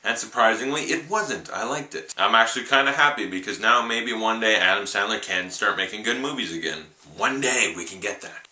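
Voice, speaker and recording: A man's voice: on the low side, a little fast, hardly any pauses, sharp tone. A young man reviewing a film in a casual, rambling way, full of "like"s. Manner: rambling, offhand, many "like"s. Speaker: movie reviewer. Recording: echoey room.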